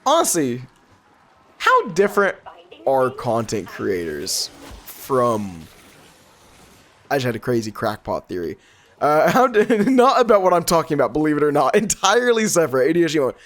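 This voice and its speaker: Congested from a cold, this man's voice is nasal and on the high side, moving at a moderate pace. He's a YouTuber narrating gameplay in a rambling way, frequently wandering off on tangents. Laughter comes often, and excitement sends his voice leaping upward.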